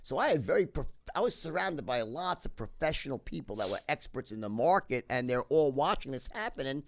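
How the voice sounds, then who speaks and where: A middle-aged man with a mid-range, brisk voice and some vocal fry is a guest on a podcast. He tells stories animatedly in a casual interview, swearing a lot, restarting often, and tossing in "right?" frequently.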